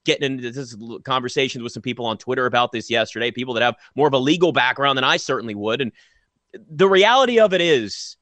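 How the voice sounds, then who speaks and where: A man's voice: medium pitch, quick pace, fairly bright tone, no echo. A man co-hosting a casual sports talk show, ranting emphatically and with exasperation.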